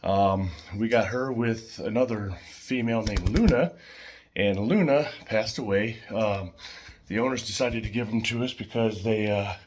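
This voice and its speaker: A man's voice: on the low side, a little slow, slight background noise. Chatty man rambling about his pet birds. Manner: rambling, chatty, with fillers and soft laughs. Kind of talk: casual home vlog.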